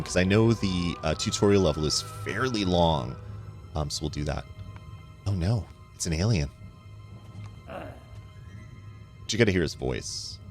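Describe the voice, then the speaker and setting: Deep-voiced chatty gaming host. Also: male voice. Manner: chatty, laughs often, trails off with fillers. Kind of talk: casual let's-play commentary.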